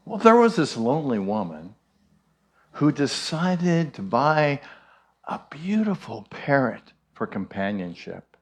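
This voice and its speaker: A man, a minister, giving a sermon and telling a joke in an unhurried storytelling way. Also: medium pitch, sing-song.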